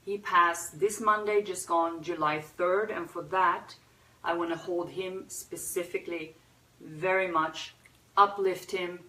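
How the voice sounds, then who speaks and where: A woman hosting a pet memorial livestream, talking unscripted in a teary, soft-hearted way with sighs and pauses. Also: lowish voice, steady tone. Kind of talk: unscripted emotional talk. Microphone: phone or webcam. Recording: roomy echo, a bit far from the mic.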